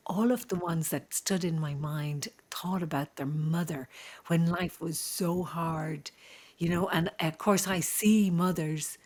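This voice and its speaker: An Irish woman, a midwife, telling her experiences in a conversational podcast, halting with many fillers and restarts in an earnest, sorrowful way. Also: lowish voice, darkish tone.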